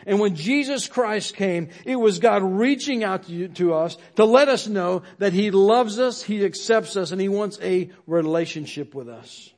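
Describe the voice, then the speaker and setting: A man preaching as pastor at a service, earnest and building phrase on phrase, with his voice dropping low at the end of lines. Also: normal speed, few pauses, a little mellow. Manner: earnest, repeats phrases for emphasis, drops low at line ends. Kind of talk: sermon.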